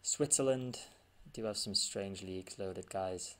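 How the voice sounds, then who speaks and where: A man with a gravelly, slightly low voice talks through gameplay in a casual, offhand way. He thinks aloud and mutters to himself as he scans results on screen. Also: fairly even intonation, moderate pace. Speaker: gaming channel host.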